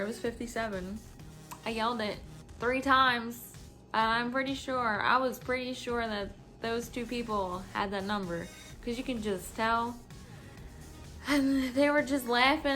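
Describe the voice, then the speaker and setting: A woman with a high, bright voice tells a story on her vlog. She is tipsy and swears freely, with faint music playing behind her. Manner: swears freely, animated retelling. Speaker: vlogger. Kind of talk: casual storytime.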